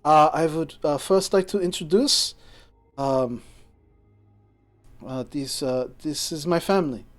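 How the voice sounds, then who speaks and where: A man plays an elderly patriarch welcoming guests in a tabletop game. The voice is a touch higher and brighter than his own, polite and hospitable. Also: measured pace, pauses often, soft background music, natural voice. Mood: courteous. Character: elderly male patriarch, courteous host.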